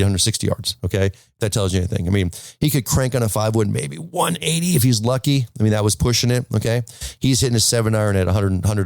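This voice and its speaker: In a dry recording, this golf instructor speaks on the low side with vocal fry and a slightly mellow quality. His casual lesson to camera is full of stories and restarts, delivered emphatically, and he keeps asking "okay?"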